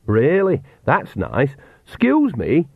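Guy doing a brisk old village witch lady, rustic talk, dry tinny audio. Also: on the high side, huge pitch swings, creaky, breathy edge, dry recording, voice pushed up, full character voice. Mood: sly. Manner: rustic folksy dialect, brisk and bossy. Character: cheerful shrewd old countrywoman witch. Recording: tinny phone-like dry sound.

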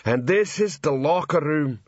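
Slow-witted male troll sergeant, proud and ungrammatical, voiced by a male reader; slightly dull, dry sound. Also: fairly high pitch, lively intonation, no echo, voice pushed up. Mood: earnest.

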